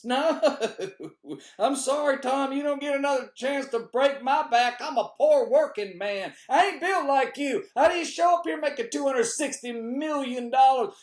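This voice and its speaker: A man doing a comedic monologue, jumping between high exclamations and low muttered asides. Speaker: comedian host. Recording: roomy echo.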